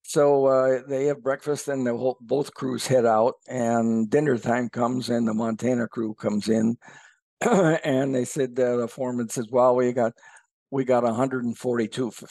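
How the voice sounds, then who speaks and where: A male podcast co-host tells a long joke in a folksy, unhurried way, his pitch sitting mid-range. His voice is recorded dry and close, with no room echo. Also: darkish tone. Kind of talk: casual podcast chat, telling a joke.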